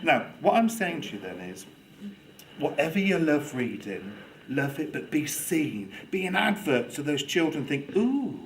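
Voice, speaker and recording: A man giving a lively, theatrical talk to a student audience on children's reading, playing for laughs. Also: fairly high pitch, unhurried, a little hiss or hum, poor audio. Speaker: guest speaker on children's reading. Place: lecture room with audience.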